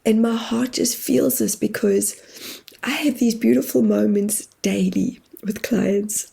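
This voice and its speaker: A woman with a husky, gravelly voice and a warm, mellow tone speaks as a podcast guest. She tells heartfelt personal stories openly, close to tears and laughing through them. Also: mid-range voice, steady tone, unhurried. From immigrated to New Zealand. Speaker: guest, spiritual medium and therapist. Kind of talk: emotional personal storytelling.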